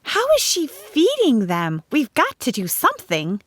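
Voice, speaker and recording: A woman voicing an excitable young schoolteacher, asking eager exclamatory questions. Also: sits high, a little slow, no echo, pitched above the performer's own voice, exaggerated voice.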